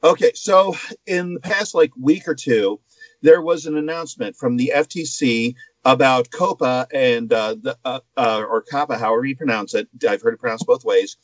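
A man co-hosting a chatty podcast, walking through a news story with plenty of asides. His voice sits at a middle pitch, recorded dry and close on a slightly muffled mic. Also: normal speed, dry recording. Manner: explanatory, with asides and filler. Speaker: guest co-host. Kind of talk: casual podcast chat.

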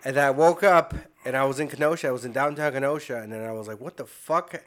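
Bright-voiced man telling wild stories. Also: mid-range voice, fast talker. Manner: profane, animated storyteller. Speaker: podcast guest. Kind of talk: casual comedic storytelling.

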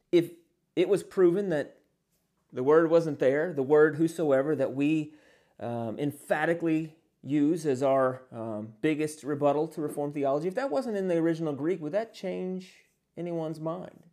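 A man teaching as a pastor in an earnest sermon, pausing often on fillers and posing many rhetorical questions. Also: on the high side, mellow.

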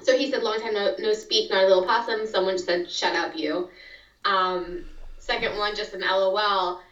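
A woman's voice: mid-range voice, steady tone, normal speed, a bit bright, muffled recording. A young woman co-hosting a casual podcast chat, hesitant with many ums and giggly. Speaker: co-host. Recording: roomy, distant from mic, faint noise.

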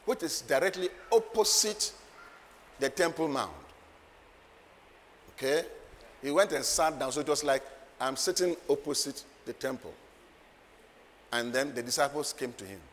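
A man delivers a sermon in a fairly high voice, dropping to quiet asides and then rising to loud, emphatic declarations with frequent laughs. His voice rings out in a hall with a long reverb, over a faint hum of ambient noise. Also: lively intonation, normal speed, pauses often. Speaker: preacher.

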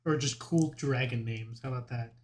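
A man's voice: medium pitch, normal speed, darkish tone. A young man joking around with friends during a tabletop game, teasing and throwing out suggestions. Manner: teasing, jokey, calls people bro. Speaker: fellow player. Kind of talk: casual chat.

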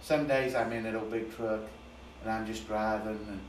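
A man preaches in a slow, emphatic rhythm, stacking repeated phrases. His lowish voice rings through a very echoey church. He sounds set back from the microphone, with faint room hum behind him. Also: steady tone. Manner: emphatic, repetitive preaching cadence. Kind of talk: sermon. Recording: very echoey, distant mic.

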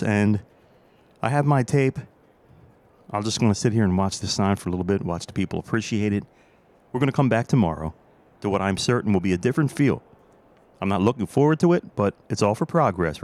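A chatty, nostalgic man with a fairly low voice hosts a podcast, recording an on-location audio diary. He talks from inside a train station concourse, slipping joking asides into his reflections. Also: a little mellow. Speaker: podcast host.

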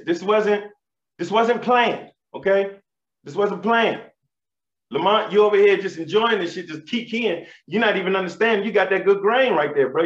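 A man in his thirties doing stand-up comedy, telling animated, profane stories in street slang. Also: high voice. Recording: roomy, slightly dull live recording.

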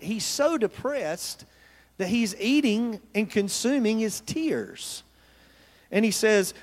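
High-voiced preacher in a reverberant church. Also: male voice, lively intonation, a little slow. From United States. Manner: earnest preaching with call-and-response to the congregation. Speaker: pastor. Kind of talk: sermon. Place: church sanctuary.

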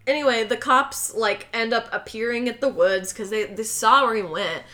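A young woman co-hosting a casual podcast, animatedly recapping a film plot and acting out the characters' lines in high, loud voices. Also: moderate pace. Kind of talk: casual chat.

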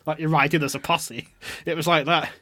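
A man's voice: fairly high pitch, steady tone, fairly quick, sharp tone. A man, co-hosting a podcast and telling a story with lots of swearing and mock drama. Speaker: podcast co-host.

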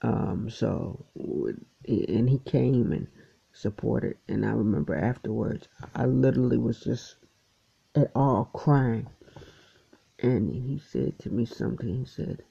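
Earnest male storyteller with a husky, gravelly tone, emotional and halting, muffled lo-fi sound. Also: medium pitch, warm tone. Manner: earnest, emotional, repeats and restarts phrases. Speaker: poet sharing testimony. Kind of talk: personal storytelling. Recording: dull lo-fi recording.

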